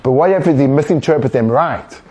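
A man explaining ideas in a relaxed podcast chat, animated and acting out inner voices. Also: mid-range voice, moderate pace, dull audio, a little hiss or hum. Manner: animated, acts out inner voices, laughs at own jokes. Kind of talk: conversational explanation.

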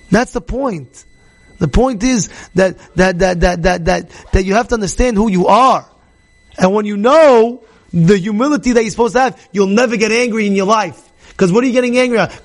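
A man teaching a Torah class, animated, acting out characters and questioning his listeners. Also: high-pitched. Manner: animated, acts out characters, asks the audience questions. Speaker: rabbi.

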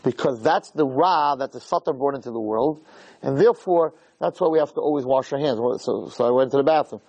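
A man's voice: mid-range voice, a little fast, darkish tone, low-quality recording. A man giving a Torah lecture, emphatic and full of rhetorical questions.

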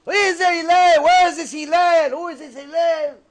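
A rude, brash hustler bellows his demands in a strained, very high voice, as a man acts him out in a story. He shouts at full volume and makes no effort at politeness. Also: normal speed, gravelly. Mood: shouting. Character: rude loud male hustler picking a fight.

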